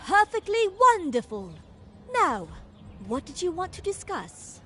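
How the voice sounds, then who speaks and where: A fussy society lady in a video game. Her high, lively voice moves slowly and sing-song. She speaks with affected exclamations and lofty condescension. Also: background noise, heavily acted. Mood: condescending. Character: fussy, self-important society lady, adult.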